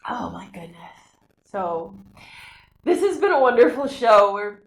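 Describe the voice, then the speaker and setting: A woman hosting a talk show, giving a live psychic medium reading in a halting, rambling way with many restarts. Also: a little high, very animated. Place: community TV studio. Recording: roomy, echoey room sound.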